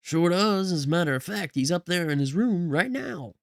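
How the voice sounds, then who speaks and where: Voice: mid-range voice, animated, moderate pace, vocal fry, no echo, clean studio sound, voice pushed up. A game streamer voicing a friendly, chatty male museum security guard during a read-through of game dialogue. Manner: casual, folksy small talk.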